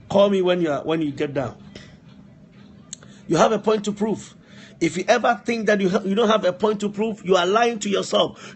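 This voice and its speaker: A man's voice: sits high, slight background noise. A man preaching a live-streamed sermon, repeating phrases for emphasis and breaking off to speak to helpers. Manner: repetitive, emphatic exhortation, asides to helpers.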